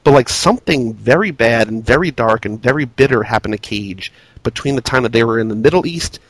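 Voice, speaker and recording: A man with a higher voice that swings widely in pitch talks through a film with amused disbelief. The sound is close and dry. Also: no room sound, low-quality recording. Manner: animated, incredulous, fast bursts. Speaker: podcast co-host. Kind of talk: casual movie review chat.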